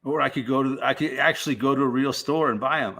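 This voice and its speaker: A man's voice: mid-range voice, quick pace, sharp tone. A middle-aged man hosting a casual live stream, rambling and swearing in a laid-back way.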